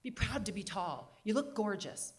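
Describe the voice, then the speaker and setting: A woman's voice: medium pitch, animated, moderate pace, natural voice. A woman doing a doting old grandfather. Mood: coaxing.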